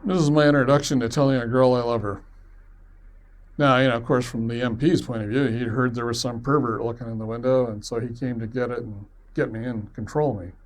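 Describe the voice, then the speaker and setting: A man's voice: mid-range voice, steady tone, brisk. A man telling a personal story in a rambling, conversational way, self-deprecating and chuckling now and then. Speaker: web series producer.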